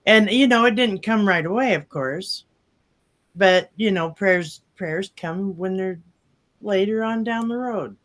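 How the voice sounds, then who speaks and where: High-voiced older man, folksy and rambling. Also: unhurried, fairly bright tone. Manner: rambling, folksy, with many fillers. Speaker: testimonial speaker. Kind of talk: casual personal testimony.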